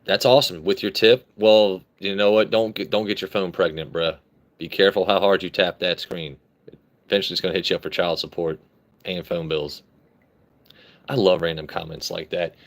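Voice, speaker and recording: A man's voice: deep voice, fairly even intonation, normal speed. Brash, joking man hosting a live stream. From United States. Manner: brash, joking, swears freely. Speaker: livestream host. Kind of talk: casual live-stream chat, reading comments.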